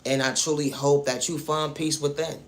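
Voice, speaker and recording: A man's voice: on the high side, little pitch movement, moderate pace, a little hiss or hum. A man delivering a preachy motivational monologue about faith and self-worth, speaking straight to the viewer and returning again and again to the same refrains. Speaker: spiritual vlogger.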